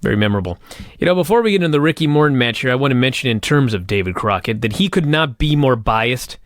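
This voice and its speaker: A man's voice: medium pitch, expressive, fast, no echo, clean studio sound. A man co-hosting a casual podcast and joking bluntly about his own wrestling matches, swearing freely. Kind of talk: casual review chat.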